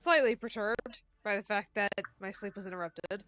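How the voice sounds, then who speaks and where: A woman playing a tabletop game, wry and easygoing, talking through her moves out loud. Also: medium pitch, normal speed, faint music behind. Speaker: player. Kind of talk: casual tabletop game chat.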